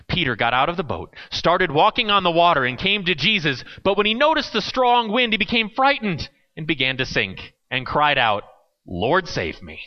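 Animated male preacher, lo-fi sound. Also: high-pitched, normal speed. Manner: conversational, with playful asides. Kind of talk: sermon.

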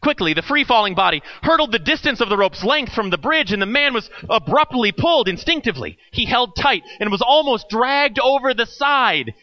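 A man reading a parable aloud in a measured, deliberate way. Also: very high-pitched, very animated, no room sound, muffled recording. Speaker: storyteller.

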